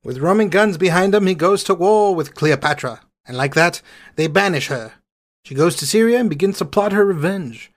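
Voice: medium pitch, expressive, normal speed. A podcast co-host narrating history casually with playful puns. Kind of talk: comedic history storytelling.

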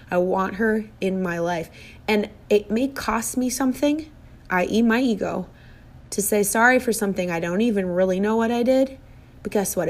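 A middle-aged woman giving a personal, reflective monologue in a heartfelt, earnest way, often repeating phrases for emphasis. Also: medium pitch.

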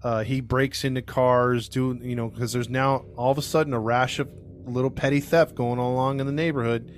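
A man's voice: mid-range voice, fairly even intonation, fairly quick, a little hiss or hum. A man hosting a podcast, casually retelling a true crime case with lots of fillers and restarts, acting out the quotes as he goes. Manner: rambling, with many fillers and restarts; acts out quotes in his retelling. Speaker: podcast host narrating the case.

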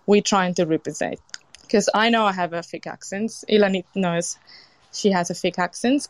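A woman from Sicily, a chef with an Italian accent and a British tinge, talking as a guest in a casual interview, lively and expressive with frequent restarts. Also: mid-range voice, no room sound. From Sicily, Italy. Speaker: chef and event organiser, guest.

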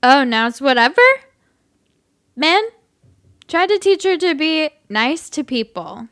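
A woman voicing a drunk, indignant man from a bad date, slurring slow and ranting. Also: sits high, expressive, a bit bright, no room sound, studio quality, pitched above the performer's own voice, heavily acted. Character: drunk belligerent adult male creep from a bad date.

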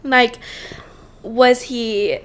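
A young woman guest co-hosting a podcast, a teacher chatting animatedly with quick reactions. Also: fairly high pitch, fairly even intonation, fairly bright tone. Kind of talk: casual chat.

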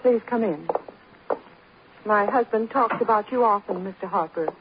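A woman's voice: medium pitch, noisy background, natural voice. A woman playing an icy, vengeful wife. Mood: cold. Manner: quiet, measured and icy. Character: grieving wife of an accused man, coldly vengeful. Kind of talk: 1940s radio acting. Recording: muffled old radio broadcast.

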